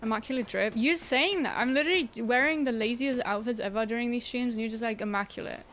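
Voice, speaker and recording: A woman's voice: a little high, quick pace, a bit bright, a little hiss or hum. Chatty, giggly young woman streamer. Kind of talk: casual gameplay livestream chat.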